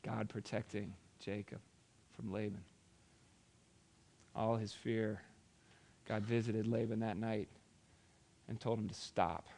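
A man's voice: lowish voice, level tone, takes it slowly, creaky, pauses often, darkish tone. A man preaching, retelling a scripture story in a dramatic, conversational way with wry asides. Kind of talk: sermon storytelling.

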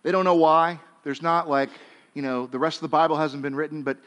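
A male pastor preaching a sermon in a conversational way, dropping to a hush and then rising to emphatic lines, and acting out biblical characters in casual speech. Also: on the high side, steady tone, fairly quick. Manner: conversational, swings between hushed and emphatic.

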